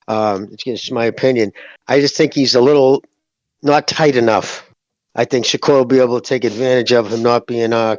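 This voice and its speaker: Hedging co-host on dull lo-fi audio. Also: male voice, mid-range voice, no room sound. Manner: hedging, lots of fillers like "you know what I mean". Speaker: podcast co-host. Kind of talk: casual boxing chat.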